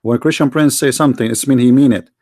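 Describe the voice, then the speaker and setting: Gravelly Arabic-accented man, challenging. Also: medium pitch, fast, darkish tone, dry recording, studio quality. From Middle East. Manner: challenging, insistent questioning. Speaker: debate livestream host. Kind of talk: live debate call-in stream.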